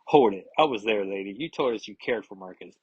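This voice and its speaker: Man reading as a cocky, blunt archer hero; husky, pitched up a bit, comic-book reading. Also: expressive, fairly quick, dull audio. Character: brash tactless male archer hero.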